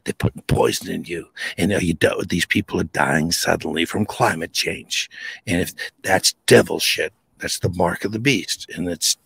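A man's voice: low voice, normal speed, vocal fry, fairly bright tone, husky, no echo. A man talking as a guest in a casual, rambling chat, emphatic and full of restarts. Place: home near the Charles River.

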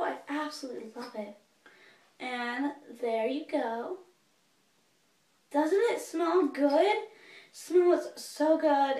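Bubbly high-voiced young woman vlogger. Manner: bubbly, gushing. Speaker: beauty vlogger. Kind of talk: casual product review. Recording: echoey room, voice a bit far from mic.

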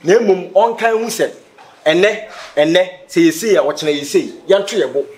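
A man's voice: high-pitched, normal speed, natural voice. An actor playing a boastful older man who shows off his money in a comedy film.

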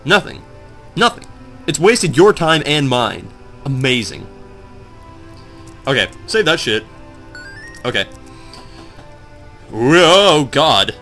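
Slow and leaving long pauses, a groggy man who just woke up narrates his gameplay for viewers, rambling and cursing at his own confusion yet still excitable. His bright, forward voice leaps around in pitch, and faint game music plays underneath.

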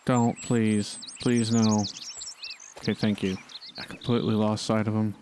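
A man's voice: lowish voice, level tone, measured pace, background noise. A man giving casual gameplay commentary, talking and pleading with the animals on screen. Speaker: gaming channel host.

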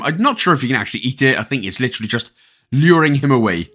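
A man's voice: mid-range voice, lively intonation, fast, a bit bright, soft background music. A Welsh man giving a chatty, casual game walkthrough, full of rambling asides and jokes. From Wales. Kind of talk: casual gameplay commentary.

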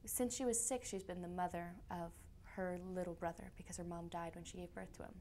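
A woman's voice: on the low side, fairly even intonation, brisk, mellow, a little hiss or hum. A young woman from Canada, an actress being interviewed, chatty, laughing often and trailing off into fillers. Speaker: actress guest. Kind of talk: casual interview.

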